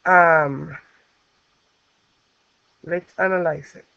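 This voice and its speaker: A woman teacher walks through a grammar lesson at an unhurried pace, pausing on fillers as she explains each step. Her voice sits in a mid range, and the recording is dry and dull, with muffled lo-fi sound. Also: low voice, fairly even intonation, gravelly, a bit bright, clear, resonant tone, no echo. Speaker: Spanish teacher.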